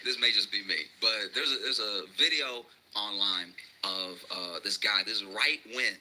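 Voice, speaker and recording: A man's voice: lowish voice, moderate pace, sharp tone, a little hiss or hum, low-quality recording. A man doing a stand-up comedy routine. He tells a rambling story and often laughs through his own lines.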